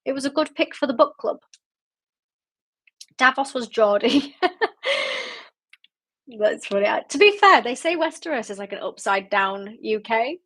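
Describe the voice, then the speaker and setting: A fairly high-voiced woman hosts a casual book club livestream, reading out viewer comments as she goes. She rambles happily with lots of fillers and quick giggles. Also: animated, fairly bright tone.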